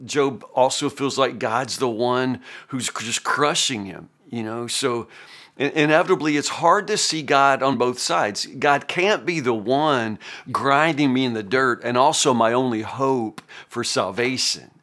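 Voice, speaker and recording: A man's voice: medium pitch, unhurried, fairly bright tone. A middle-aged man hosting a Bible reading podcast, giving casual spoken commentary while thinking aloud, with frequent restarts and "you know".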